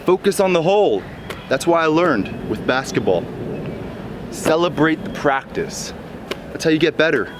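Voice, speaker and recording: A man telling personal stories in a reflective vlog, earnest, moving between calm musing and bursts of excitement, recorded outdoors in a park. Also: on the high side, a little fast, background noise. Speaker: vlogger. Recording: music playing over the voice.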